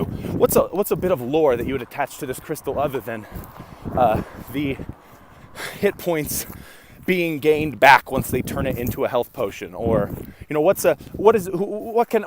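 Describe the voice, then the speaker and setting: A man, a game master, vlogging outdoors and out of breath, rambling and restarting as he thinks aloud. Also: mid-range voice. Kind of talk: casual outdoor vlog to camera. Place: outdoors in open windy country. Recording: faint wind and background noise.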